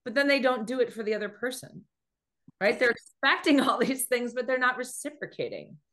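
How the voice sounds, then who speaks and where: Animated woman coaching on dating. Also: fairly high pitch, fairly quick. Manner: animated storytelling, acts out quoted speech. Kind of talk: motivational talk on dating.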